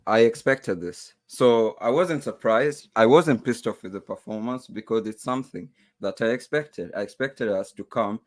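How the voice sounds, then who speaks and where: A man calling into a fan stream, arguing his side in a calm, matter-of-fact way. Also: on the low side, normal speed, few pauses. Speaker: caller, rival football fan. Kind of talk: casual debate on a call.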